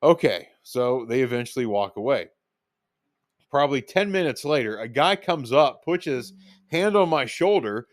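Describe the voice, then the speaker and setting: A man's voice: mid-range voice, lively intonation, moderate pace, no echo, clean studio sound. A man telling personal stories in a casual, rambling monologue, with lots of fillers and restarts, acting out what he said back then. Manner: rambling, filler-heavy, reenacts his own lines. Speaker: podcast host telling stories.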